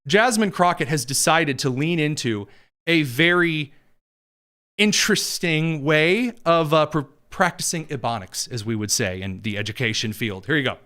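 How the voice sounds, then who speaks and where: A man's voice: fairly high pitch, normal speed, bright, forceful tone. A man hosting a political commentary show, talking in a sarcastic, mocking way with exaggerated emphasis.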